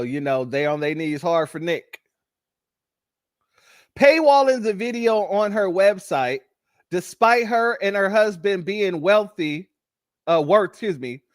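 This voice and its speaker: A man's voice: sits high, no echo, studio quality. A man hosting a reaction commentary, chatty and often laughing, talking to his audience as family. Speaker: host.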